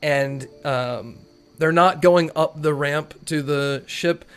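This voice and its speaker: A man with a fairly high voice runs a tabletop game. He narrates in a loose, chatty way, scattering filler words through his descriptions of the scene. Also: slow pace, clear, resonant tone. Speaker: game master.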